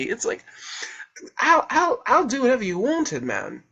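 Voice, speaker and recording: A young man talks in a husky voice, boastful and jokey, as he rambles through a self-promoting monologue. His pitch swings widely from line to line. The recording is dull and lo-fi, as if made on a home camera. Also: huge pitch swings, unhurried, bright, forceful tone. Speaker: self-published author promoting his book.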